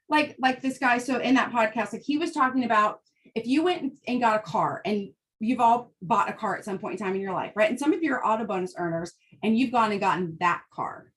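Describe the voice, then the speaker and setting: A woman's voice: on the high side, fairly bright tone. A woman giving a fired-up, blunt motivational talk, often checking in with "right?" as she goes. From United States. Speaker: host.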